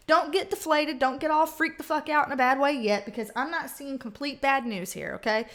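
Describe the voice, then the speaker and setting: A woman's voice: high-pitched, steady tone, fairly quick, fairly bright tone. A woman giving a casual tarot reading, blunt and chatty, swearing freely and acting out the people she quotes. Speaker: tarot reader.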